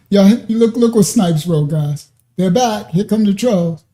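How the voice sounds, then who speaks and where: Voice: mid-range voice, takes it slowly, warm tone. A livestream host reading chat comments aloud and mocking a troll, laughing often between taunting questions.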